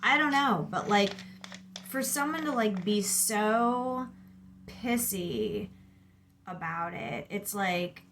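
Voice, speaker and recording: Slow-talking woman venting, lots of "like". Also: mid-range voice, big pitch swings, a bit bright, slight background noise. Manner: rambling, lots of "like", exasperated venting. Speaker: mother venting about her kids. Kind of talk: casual monologue. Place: outdoors near a lawnmower.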